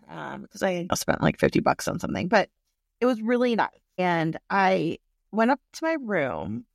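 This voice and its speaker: A woman with a gravelly, fry-tinged voice tells a personal story in a relaxed, candid way. She is animated and swears freely. The recording is dry and close, with no room echo. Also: fairly low pitch.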